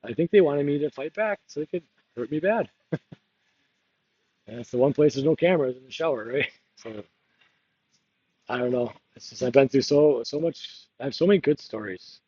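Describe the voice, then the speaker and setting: Rambling husky-voiced man. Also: mid-range voice, expressive, moderate pace, long pauses, warm tone, no echo, lo-fi sound. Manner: candid, laughs often, drifts between topics. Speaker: political candidate. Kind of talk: rambling confessional monologue.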